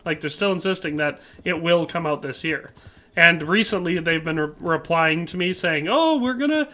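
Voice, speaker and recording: Bright-voiced chatty male game streamer. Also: a little high, level tone, moderate pace. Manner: chatty, reads viewer comments aloud and answers them; playful, joking asides. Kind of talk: casual livestream commentary while playing.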